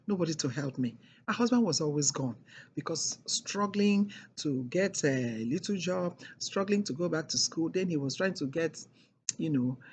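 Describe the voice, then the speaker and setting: A woman's voice: low-pitched, a little mellow, slight background noise. Emphatic middle-aged woman telling her story. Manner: emphatic and repetitive, with heavy stresses. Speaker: speaker sharing a personal testimony. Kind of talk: emotional personal storytelling.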